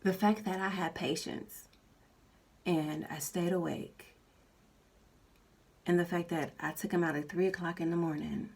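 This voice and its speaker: A woman's voice: fairly low pitch, creaky, recorded from a distance. A woman vlogger chatting candidly, rambling and repeating herself with lots of fillers. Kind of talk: casual chat.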